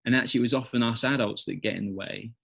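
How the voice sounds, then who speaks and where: An English man in middle age, speaking as a podcast guest in relaxed conversation. He tells stories and acts out quotes with energy, his voice sitting at an ordinary pitch for a man. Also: racing, vocal fry, slightly rough. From England. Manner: animated storyteller, acts out quotes. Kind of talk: conversational interview.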